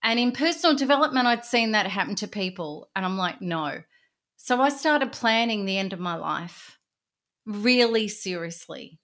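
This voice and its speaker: A middle-aged woman, an interview guest, telling her personal story in an earnest, intense way, often dropping to a hushed voice. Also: mid-range voice, lively intonation, moderate pace.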